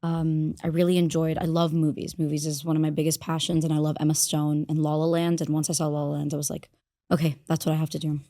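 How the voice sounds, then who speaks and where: A woman's voice: deep voice, level tone, fast, few pauses, warm tone, dry recording, clean studio sound. A young adult woman, an actress guest, chatting eagerly with many fillers in a casual podcast talk.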